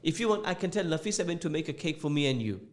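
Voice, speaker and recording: A man's voice: a little high, animated, racing. A man hosting a radio show with a mixed northern English and London accent, chatting casually, joking and repeating phrases as he reads out listener messages. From England. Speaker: radio host. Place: radio studio.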